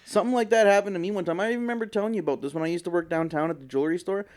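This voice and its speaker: A man co-hosts a podcast, spinning an animated story with plenty of swearing. His voice sits a little high, and he acts out every quote along the way. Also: rapid-fire. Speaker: podcast co-host. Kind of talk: casual chat.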